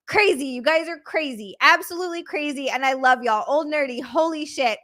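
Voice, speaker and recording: A young woman with a bright, ringing high voice speaks briskly while reading super chats on her live stream. Breathless and gushing, she thanks viewers and swears liberally as she reads out their messages.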